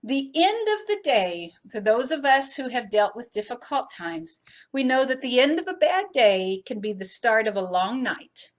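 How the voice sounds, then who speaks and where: A middle-aged woman teaching a Bible study in an earnest preaching style, rising to emphasis and dropping soft and low.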